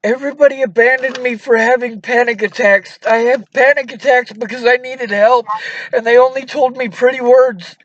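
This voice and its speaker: A man on a phone call, distressed and pleading, bitter and near tears. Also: extremely high pitch.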